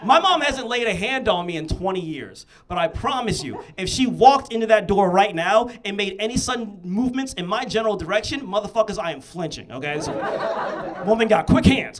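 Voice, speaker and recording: A young man performing a stand-up comedy set on a club stage, telling stories in an animated way with punchy asides. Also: high voice, a little fast, a crowd in the background. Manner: animated storytelling with punchy asides and frequent "you know what I'm saying".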